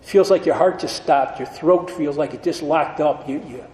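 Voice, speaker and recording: A man's voice: fairly high pitch, normal speed, warm tone. A man giving a wry, self-mocking storytelling share at a recovery meeting, acting out the dialogue as he goes. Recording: echoey hall with faint ambience.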